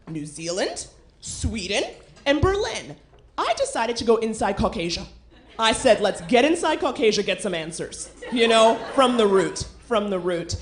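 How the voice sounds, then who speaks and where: A woman doing a stand-up comedy set on a club stage, brash and animated, swearing freely. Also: mid-range voice, a little hiss or hum.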